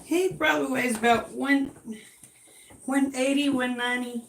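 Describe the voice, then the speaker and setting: A woman's voice: sits high, fairly even intonation, moderate pace, creaky, a little hiss or hum. An older woman chatting casually at home, coaxing and calling her dogs as she shows them off. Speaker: vlogger showing her dogs. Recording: roomy, distant from the mic.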